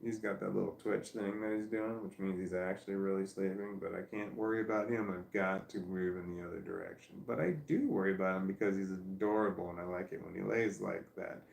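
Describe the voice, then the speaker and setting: A man's voice: low voice, a little fast, gravelly, few pauses, a little mellow, reverberant, a little hiss or hum. A tired man in a casual vlog, rambling and arguing with himself at home. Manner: talks to himself, argues with himself, laughs and sighs. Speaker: vlogger. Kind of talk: rambling self-talk vlog. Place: at home on a couch with his dog.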